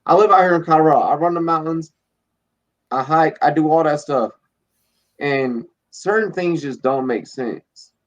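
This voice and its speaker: Man, drinking, profane rambling host, casual live-stream chat, somewhat high voice, dull lo-fi sound. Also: normal speed. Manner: profane, rambling, animated storytelling. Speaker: podcast host.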